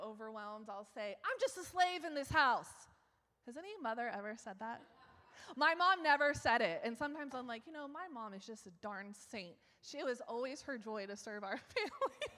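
A woman preaches in a chatty, self-mocking way, laughing often and rising to loud exclaims. Her voice sits a little high. Long church hall reverb trails after each phrase. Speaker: guest preacher. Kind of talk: sermon. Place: church sanctuary.

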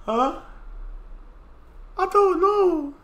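A man streaming live in casual chat, loud and theatrical, often shouting and laughing. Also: extremely high pitch, animated, extremely slow, lo-fi sound.

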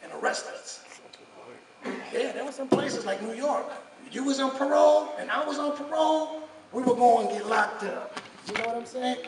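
A man's voice: very high voice, normal speed, gravelly. A man hosting a meeting, casually talking to the room and introducing the next comedian. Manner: conversational, addresses the room directly. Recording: echoey room, distant mic, background noise.

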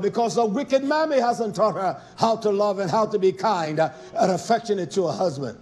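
Male preacher, high-pitched, fiery sermon that drops low then builds to shouts, repetitive. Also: animated, moderate pace, few pauses. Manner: impassioned, swings from quiet asides to shouting; repetitive, rhetorical questions to the congregation.

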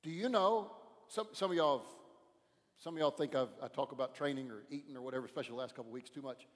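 A male pastor preaching a sermon in a church, pressing his points hard and often dropping his voice low. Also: fast talker, in a large hall. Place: church sanctuary.

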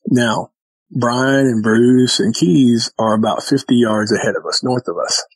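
A man's voice: mid-range voice, unhurried, slightly rough, dry recording, poor audio. A man who is a podcast guest, telling a story in casual chat and acting out the exchanges with vivid detail.

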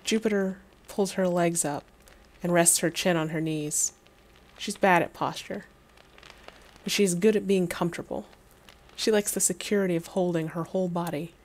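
A woman's voice: lowish voice, steady tone, normal speed. A young adult woman streaming, reading a game's text aloud with wry, laughing asides and casual swearing.

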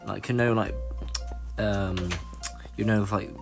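A young man giving rambling, excitable commentary while playing a video game. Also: slow, vocal fry, over music. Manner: excitable, rambling, jumps to high squeals. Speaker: gaming channel host. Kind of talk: casual let's-play commentary.

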